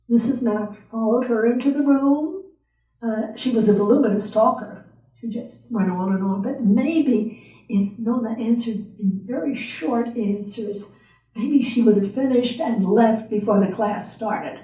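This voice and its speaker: A woman pastor telling a story in a sermon, slow and expressive, acting out the people in it. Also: a little high. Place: church sanctuary. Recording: echoey church room from a distant mic.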